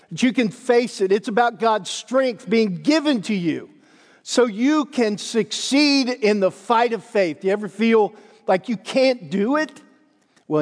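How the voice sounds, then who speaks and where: A man with a high voice preaches slowly and earnestly, letting his words hang in a church sanctuary with a long reverb behind him. He drops to a hush on key lines and lifts his voice when he urges his listeners on. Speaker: pastor. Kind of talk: sermon.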